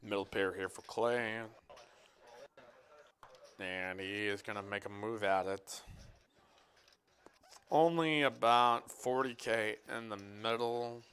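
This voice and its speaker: A man's voice: on the low side, slow, long pauses, fairly bright tone, slight background noise. A man commenting live on a poker final table, rambling about football and reading viewer chat in a joking, casual way. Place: card room commentary booth.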